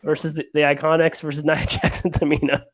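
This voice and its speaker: An easygoing man hosting a casual podcast chat, moving the talk along with fillers and laughs. His voice sits a little high. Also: level tone, quick pace. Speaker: podcast host.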